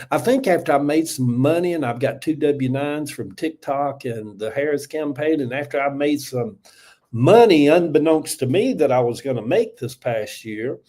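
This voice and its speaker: Folksy older Southern man, mellow voice. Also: a little high, expressive, normal speed. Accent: Southern US (Georgia). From Georgia, US. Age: 70s. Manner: rambling, folksy, thanks viewers, trails off with many uhs. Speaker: livestream host. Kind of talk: casual livestream chat.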